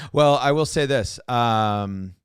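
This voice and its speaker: A man's voice: medium pitch, clear, resonant tone, no room sound, studio quality. A man co-hosting a podcast in casual chat. He rambles, restarts and repeats words, and he drops joking, sarcastic asides. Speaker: podcast co-host.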